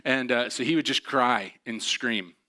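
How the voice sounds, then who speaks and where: Man, bright voice, self-deprecating storyteller, lots of "um"s. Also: mid-range voice, a little slow. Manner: chatty, self-deprecating, many fillers. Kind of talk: personal storytelling.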